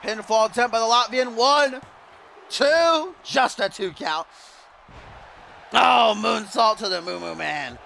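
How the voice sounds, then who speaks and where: A man giving excited, shouty play-by-play commentary on a wrestling video game, swearing and getting out of breath. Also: high voice, a little hiss or hum. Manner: shouty, swearing, animated, mock wrestling-announcer delivery.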